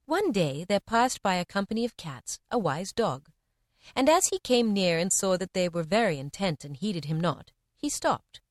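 Expressive woman reading old parables. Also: dry recording, studio quality. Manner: measured, expressive reading with varied pitch. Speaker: reader. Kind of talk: scripted narration of parables.

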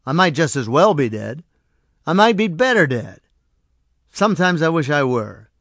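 A man voicing a frustrated young bank clerk who talks loudly and bitterly. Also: mid-range voice, lively intonation, brisk, dry recording, close to an everyday voice. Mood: despairing. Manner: loud, bitter and scoffing.

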